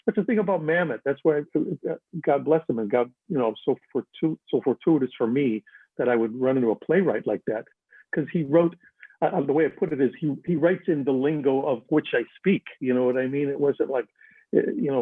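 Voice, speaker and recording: An older man telling stories as a guest, lively and animated, switching into other voices for quotes. His voice is a little husky and comes through a dry, tinny phone-like line. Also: mid-range voice, dry recording. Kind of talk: casual storytelling chat.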